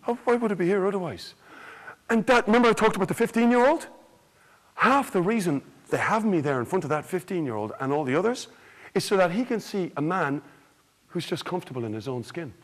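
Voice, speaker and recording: A man's voice: high-pitched, fairly quick, poor audio. An Irish man, a storyteller, giving a theatrical, joking conference talk to a live audience. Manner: animated, theatrical, jokes and quizzes the audience.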